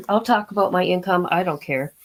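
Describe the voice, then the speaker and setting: A woman's voice: fairly low pitch, lively intonation, moderate pace, darkish tone. An older woman hosting a casual livestream, rambling and talking straight to her viewers. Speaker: livestream host.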